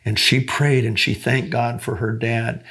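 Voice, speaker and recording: A man speaks slowly and deliberately, with a gravelly edge to his mid-pitched voice. He teaches by retelling a story in earnest detail. He keeps marking each turn with "he says, she says" and lingers on the points he stresses. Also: little pitch movement, a bit bright. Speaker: teacher of a mentoring series. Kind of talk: storytelling lesson.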